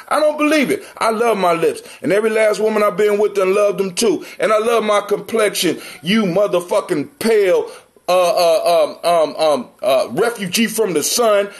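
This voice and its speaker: High-voiced man ranting, profane and mocking. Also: expressive, brisk, few pauses. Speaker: livestream host. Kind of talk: heated livestream rant.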